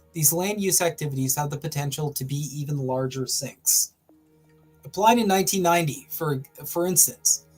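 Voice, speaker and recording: A man hosting a livestream, reading an article aloud and breaking off into wry, sarcastic asides. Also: on the high side. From Canada. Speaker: host.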